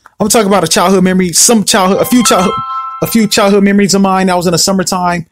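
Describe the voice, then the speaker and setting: A man hosting a solo podcast, ranting in an animated, repetitive, confrontational way. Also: sits high, very fast, music in the background. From Southern California. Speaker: podcast host.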